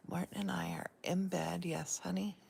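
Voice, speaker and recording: A woman who has just woken up, whispering a live guided meditation from bed in a soft, gentle, unhurried voice while holding her phone, a little croaky. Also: fairly low pitch, flat delivery, a little hiss or hum. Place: in bed, indoors. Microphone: handheld phone camera.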